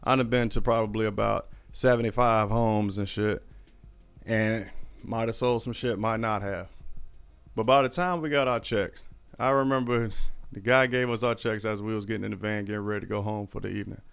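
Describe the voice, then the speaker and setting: A man telling a story in a casual chat, animated and profane, often laughing. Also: lowish voice, moderate pace, creaky, clean tone.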